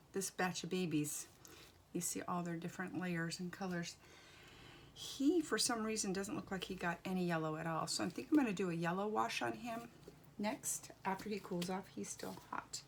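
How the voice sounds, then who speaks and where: Woman, low and gravelly, rambling wry chatter while working, home studio. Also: normal speed, a little hiss or hum. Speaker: doll artist. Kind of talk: casual chat while working.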